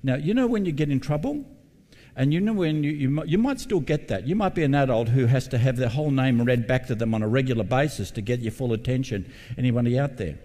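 A man's voice: medium pitch, animated, quick pace, dark tone, long reverb tail. A male pastor preaching a sermon, reading scripture and putting questions to his congregation.

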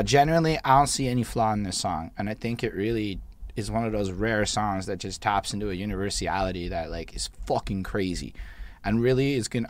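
A man's voice: fairly low pitch, no room sound. Man, casual music reviewer, slangy and profane, dry close mic. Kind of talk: casual chat.

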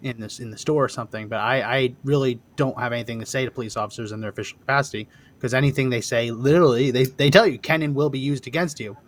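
Man, co-host, blunt, opinionated, quick pace. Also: mid-range voice, steady tone. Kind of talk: casual chat.

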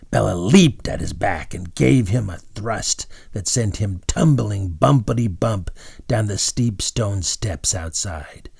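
Man, storybook narration, dramatic, whispers at tense parts, husky, dry close sound. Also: sits low, a little mellow, dry recording.

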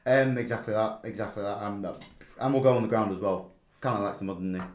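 A man's voice: on the low side, fast, a little hiss or hum. A man hosting a casual horse racing chat, with lots of ums and easy banter. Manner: chatty, filler-heavy, jokey banter. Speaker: podcast host. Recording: echoey room.

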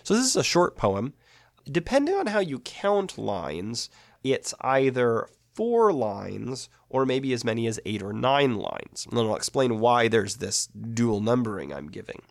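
A man with a gravelly, fry-edged voice gives a patient, methodical lecture on biblical poetry. His pitch sits in the middle range, and he explains each point step by step. The recording is close and dry, with no room sound. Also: very animated, measured pace, no room sound.

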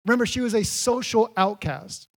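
A man's voice: sits high, normal speed, creaky. A man preaching a sermon as pastor, repeating key phrases and building each point to an emphatic peak. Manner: earnest, building to emphatic peaks.

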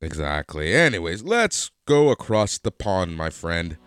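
A man's voice: sits low, sing-song, unhurried, fairly bright tone, faint music behind. A man co-hosting a podcast, chatting casually and expressively about a wrestling show, swearing and laughing a lot. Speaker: podcast co-host. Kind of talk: casual wrestling recap chat.

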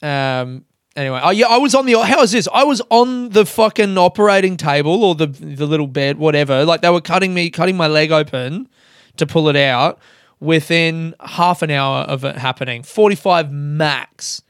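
A man's voice: fairly high pitch, normal speed, clean tone, no echo, studio quality. Sweary Australian man telling a story. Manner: sweary, self-mocking, laughs often. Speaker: podcast host. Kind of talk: casual storytelling monologue.

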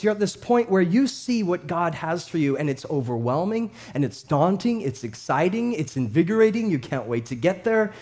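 His pitch is fairly high as this pastor in his thirties preaches. The sermon unfolds as animated storytelling, veering between whispers and loud passages, with laughs throughout.

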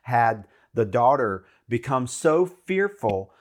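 Man, faith talk show co-host, earnest and encouraging, mid-pitched preacherly delivery. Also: sing-song, slow.

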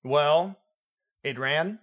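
A man's voice: a little high, extremely slow. A man co-hosting a podcast, chatting casually about a film with playful jokes and asides. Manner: animated, jokey, playful asides. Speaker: podcast co-host. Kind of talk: casual film review chat.

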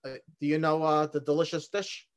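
A man's voice: a little high, flat delivery, brisk, slight background noise. A man in casual chat about a comedy sketch, hesitant and full of fillers. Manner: hesitant, many fillers and restarts.

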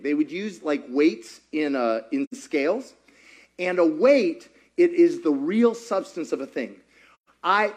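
A man preaching a sermon as pastor, animated and playful, firing questions at the congregation and acting out voices. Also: high-pitched. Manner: animated, asks the crowd many questions; playful, acts out quoted voices.

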